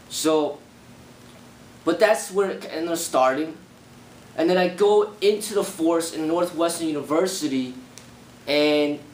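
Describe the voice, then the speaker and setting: A young man casually recounting personal experiences in a rambling way, full of repeated fillers. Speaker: martial arts channel host. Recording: echoey room with faint rumble.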